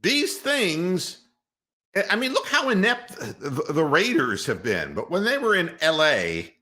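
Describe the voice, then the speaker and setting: A male sports radio host rants in a sarcastic, mocking tone and swears without hesitation. His pitch swings widely up and down, and he takes his time over each point. His voice has a bright, pointed edge. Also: huge pitch swings, measured pace. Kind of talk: opinionated sports talk rant.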